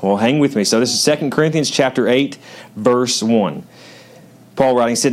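A man's voice: medium pitch, normal speed. A male pastor giving a sermon, conversational and joking with the congregation, then reading scripture with rising emphasis.

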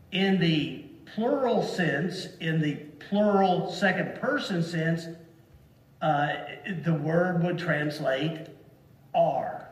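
A man preaching a sermon to a congregation, slow and deliberate, leaning hard on single words to stress them. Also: a little high. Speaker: pastor. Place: church sanctuary. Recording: echoey hall from far off.

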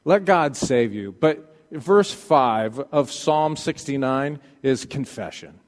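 A man preaching a sermon, swinging from loud pleading passages to hushed, quiet ones. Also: medium pitch, expressive, slow pace, in a large hall. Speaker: pastor.

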